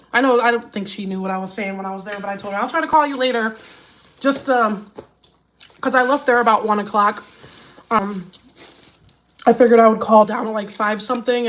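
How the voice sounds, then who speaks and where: Over a slight hiss or hum, a woman with a mid-range, fairly bright voice talks casually with viewers in a live chat. A vlogger and mother, she is distressed and on the verge of crying, her worried talk wandering and often starting over.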